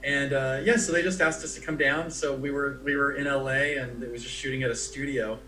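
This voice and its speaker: A commercial actor, interviewed in an echoey room with faint music, tells chatty, rambling stories with many restarts. His mid-range voice is brisk, steady, and sharp, with a little hiss or hum in the recording.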